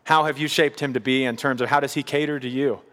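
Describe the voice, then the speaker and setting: A man's voice: mid-range voice, fairly even intonation, quick pace, a bit bright. A man preaching a sermon, earnest and pleading, often repeating phrases for emphasis. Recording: reverberant hall.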